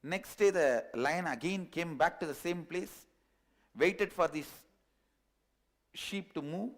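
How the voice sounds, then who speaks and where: Man, spiritual teacher, animated parable-telling, voice sits a bit high. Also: slow. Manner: animated storyteller, chuckles at his own jokes.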